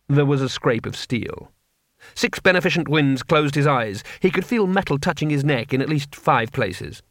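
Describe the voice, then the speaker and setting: Male narrator, slightly high voice, unhurried, wry, close dry studio sound. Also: lively intonation, no echo. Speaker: audiobook reader. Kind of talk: scripted narration.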